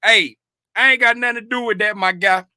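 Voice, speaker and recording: A man from Florida hosting a trading livestream, greeting his chat by name in an animated, casual way with bursts of laughter. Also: sits high, brisk, dry recording, clean studio sound. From Fort Lauderdale, Florida.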